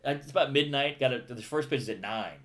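A man animatedly telling a profane, excitable story in casual conversation, acting out his own panic. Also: mid-range voice, fairly quick.

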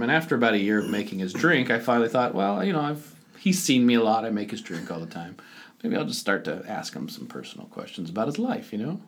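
Man, podcast co-host, casual storyteller, lively up-and-down delivery, breaks into jokey voices. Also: fairly low pitch. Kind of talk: casual chat.

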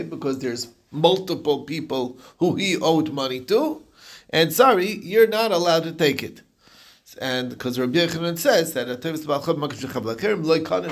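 A man leading a daily Talmud page lesson, telling the case as a story in a relaxed, conversational way and answering students' questions. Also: on the high side. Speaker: Talmud class teacher.

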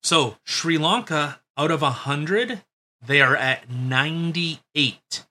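A man's voice: on the high side, slow, bright, forceful tone. A man hosting a podcast, talking in a blunt, sarcastic, profane way in casual chat. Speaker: podcast host.

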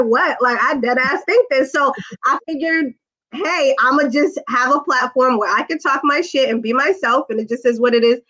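A woman guest talking about her podcast in a relaxed, slang-heavy way. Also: high-pitched. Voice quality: laid-back slangy talker. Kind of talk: casual interview chat. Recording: dull lo-fi remote audio.

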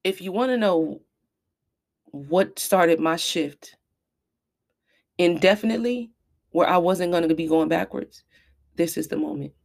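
A woman's voice: lowish voice, a little slow, creaky, pauses often, darkish tone. A woman in her thirties hosting a podcast, telling her own story in a candid, emphatic, confessional way and talking straight to her listeners. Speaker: podcast host. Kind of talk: candid personal storytelling monologue.

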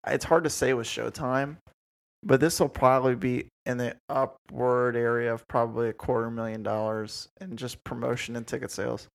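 A man's voice: medium pitch, creaky. A man co-hosting a casual podcast, laid-back, chiming in to agree and add to his co-host's points. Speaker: podcast co-host.

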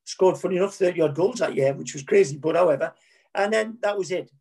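Husky-voiced middle-aged man telling stories. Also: sits high, quick pace, darkish tone. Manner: frank, rambling, self-correcting with repeated words. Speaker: former footballer, interview guest. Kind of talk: candid anecdotal storytelling.

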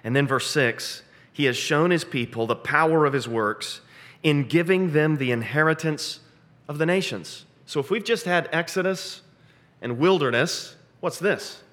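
A man preaching an expository sermon, earnest, asking rhetorical questions and slowing down to stress key phrases. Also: fairly high pitch, a bit bright.

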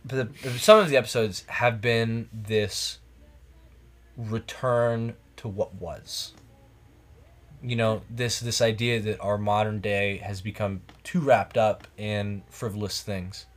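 A man's voice: fairly low pitch, fairly even intonation, slow pace. A man hosting a podcast in casual late-night chat, rambling and reflective, restarting his sentences, a few drinks in. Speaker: podcast host. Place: cabin in the woods.

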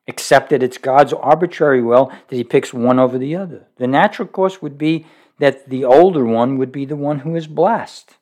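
A man preaching a sermon, emphatic, asking rhetorical questions and slowing down to read scripture aloud. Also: medium pitch, a little mellow.

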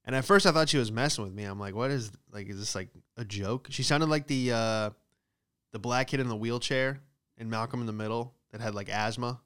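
A man's voice: medium pitch, a little fast, a bit bright, smooth. A man doing a casual, profane comedic monologue, riffing with exaggerated bits about everyday hassles. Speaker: comedian host.

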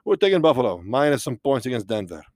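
A man's voice: medium pitch, very animated, fast talker, a little mellow, no echo, clean studio sound, lightly acted. A man voicing a tipsy, rambling male vampire count who slurs and jokes about his football bets. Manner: slurred, rambling, drunk-sounding.

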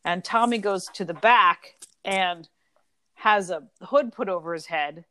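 A young adult woman co-hosting a casual book chat, animated and full of fillers. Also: on the low side, measured pace, no room sound. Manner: chatty, animated, lots of fillers. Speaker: podcast co-host.

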